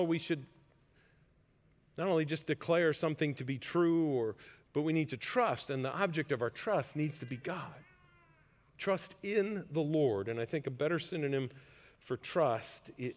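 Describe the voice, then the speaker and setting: A man's voice: a little high, in a large hall. A man preaching a sermon as pastor, earnest and conversational, building to emphatic points.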